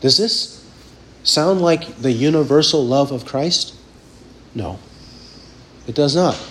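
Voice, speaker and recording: A man preaching an expository sermon, emphatic and deliberate, firing rhetorical questions at his listeners. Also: a little high, fairly bright tone.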